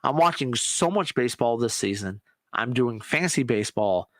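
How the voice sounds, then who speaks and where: A man hosting a podcast, chatting casually and excitably about sports and swearing now and then. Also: mid-range voice, normal speed, no room sound. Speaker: podcast host. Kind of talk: casual solo chat.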